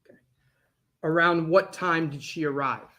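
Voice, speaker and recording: A man's voice: fairly high pitch, normal speed, pushed and bright. A man examining a witness in court, asking short, direct questions. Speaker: trial attorney questioning a witness.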